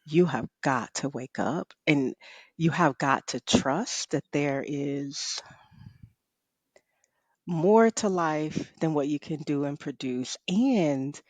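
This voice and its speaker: A middle-aged woman and author, a guest telling a personal story in a conversation, expressive, laughing often and saying "you know" a lot. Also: deep voice, slow, dry recording. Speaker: author and rest coach, guest.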